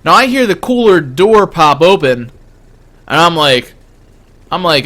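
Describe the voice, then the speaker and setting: A man streaming, telling a story casually in an excitable way, stammering and packing in fillers. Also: fairly high pitch, unhurried.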